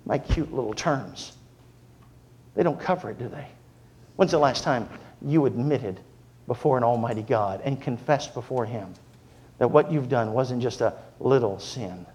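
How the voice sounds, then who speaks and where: A man preaching a sermon, moving from humorous storytelling to earnest, quieter exhortation. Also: medium pitch, unhurried, a little hiss or hum.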